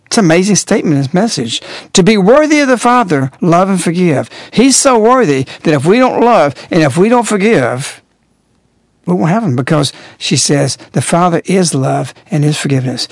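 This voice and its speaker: A man giving an earnest, emphatic religious radio talk, stressing key words by rising in pitch. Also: animated, fairly quick, creaky, dry recording, studio quality. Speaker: radio commentator.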